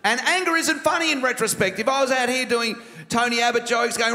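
A man's voice: extremely high pitch, a little fast, pushed and bright. A man with an Australian accent performing sardonic stand-up comedy on a large theater stage. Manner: sardonic political satire. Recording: live stage mic in reverberant theater.

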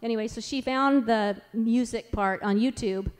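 Speaking to a conference audience, a woman in her forties shares family stories in a storytelling talk. Her voice sits slightly high for a woman, and her chatty, animated delivery is loose, conversational, full of asides, and moderately paced.

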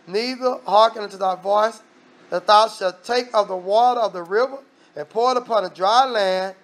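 A man with a fairly high voice preaches a sermon. He hammers points home with repetition, reads scripture aloud, and breaks off with pointed asides. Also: moderate pace, a bit bright.

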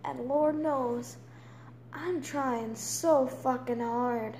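A young woman in her late teens venting in an angry, profane rant, swinging between loud outbursts and hushed whispers. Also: high-pitched, extremely slow. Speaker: vlogger. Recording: roomy echo with faint background noise.

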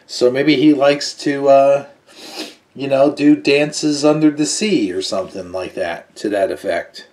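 Slow-talking man reviewing toys. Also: medium pitch, a little mellow, roomy sound, recorded from a distance. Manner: slow, unhurried, chatty with fillers. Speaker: toy reviewer. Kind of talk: casual toy review, reading file card aloud.

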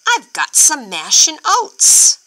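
A woman voicing an angry male farmer in a children's storybook, shouting and exasperated. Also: extremely high pitch, very animated, takes it slowly, voice pushed up, exaggerated voice.

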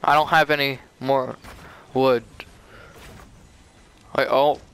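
A young man chatting casually with a teammate while playing, excitable and saying "dude" a lot. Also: mid-range voice, slow, clean tone. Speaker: gamer. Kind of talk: casual gameplay chat with a teammate.

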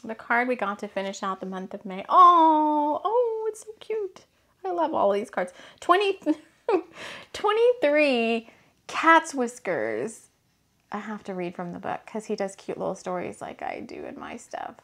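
A bubbly woman giving a spiritual card reading, her voice swinging widely up and down as she gushes over the art. She talks loosely and laughs easily, and her pitch stays in a middle range. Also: gravelly. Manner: gushing and excitable, quick to laugh. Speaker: spiritual energy reader and deck author. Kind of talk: casual oracle card reading.

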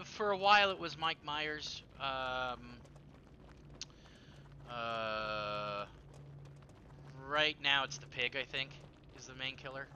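A man streaming a horror game, chatting casually and rambling with many fillers and sudden excited bursts. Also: medium pitch, slight background noise. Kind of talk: casual gameplay chat.

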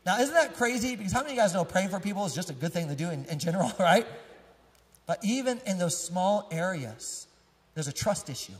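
A man in his thirties preaching a sermon as pastor, conversational and lively, polling the congregation and joking as he corrects himself mid-sentence. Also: high-pitched, a little fast. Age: 30s. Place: church sanctuary. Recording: long church hall reverb.

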